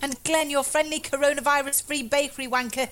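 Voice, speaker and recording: A woman's voice: high voice, fairly even intonation, brisk, a bit bright. A woman co-hosting a casual chat show, reading listener emails and lists with playful laughter. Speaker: podcast co-host.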